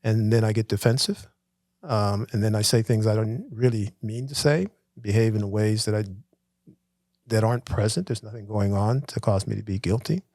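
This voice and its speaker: A middle-aged man co-hosting a casual conversation, talking in a thoughtful, halting and self-reflective way. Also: lowish voice, steady tone, darkish tone, no echo, studio quality. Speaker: podcast co-host.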